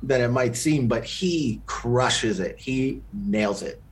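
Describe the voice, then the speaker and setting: A man's voice: mid-range voice, lively intonation, slow pace. A man co-hosting a podcast, talking through a film in a rambling, casual way that is full of fillers and restarts. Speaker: podcast co-host. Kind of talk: casual movie review chat.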